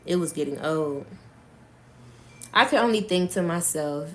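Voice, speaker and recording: A woman reading a memoir aloud on a live stream, slow and deliberate, stopping to reread lines she misreads. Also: fairly low pitch.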